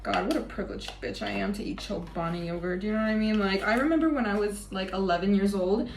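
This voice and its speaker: A young woman vlogs in a chatty, confessional way, poking fun at herself and swearing freely. She talks fast in a mid-range voice, and the room is echoey with faint ambient noise.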